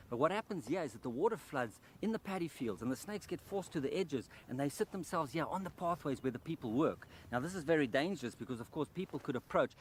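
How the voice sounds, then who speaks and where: A man's voice: medium pitch, a little hiss or hum. Enthusiastic man presenting wildlife. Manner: enthusiastic, explains while handling animals. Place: outdoors by rice paddy fields.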